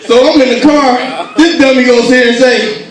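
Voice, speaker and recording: A man doing stand-up storytelling, animated and acting out voices as he laughs through his jokes. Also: extremely high pitch, normal speed, crowd noise. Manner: animated, acts out voices, laughs while telling. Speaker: stand-up comedian. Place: gospel comedy show venue. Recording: echoey hall from far off.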